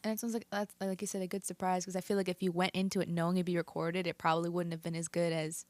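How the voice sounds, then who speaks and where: A woman's voice: on the low side, little pitch movement, fast, darkish tone, no echo. A woman hosting a podcast, asking questions in an encouraging, conversational way. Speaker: podcast host. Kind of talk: casual podcast interview.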